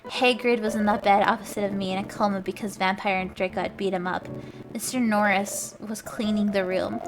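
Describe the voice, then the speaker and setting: A woman streamer reading a story aloud for laughs, shouting the quoted lines over the top and breaking off for wry asides. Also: medium pitch, little pitch movement, moderate pace, noisy background. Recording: clear background music under voice. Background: background music.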